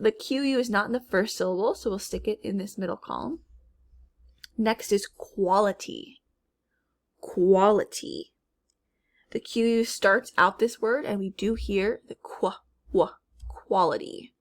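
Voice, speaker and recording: Unhurried female phonics teacher from Minnesota who models each word slowly and carefully. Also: medium pitch. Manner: slow, drawn-out word modeling. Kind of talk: phonics lesson.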